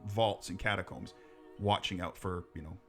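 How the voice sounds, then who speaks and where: A man's voice: low-pitched, fairly even intonation, moderate pace, soft background music. A man co-hosting a podcast, telling ghost stories in casual, rambling chat, joking, swearing and laughing at his own jokes. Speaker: podcast co-host.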